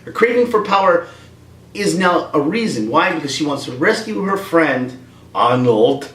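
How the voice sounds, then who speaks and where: A man's fairly high, fairly bright voice with lively intonation moves at a normal speed as he rants comically and ramblingly, doing voices. The video creator is at home in a room with a dog, recorded roomy and away from the mic.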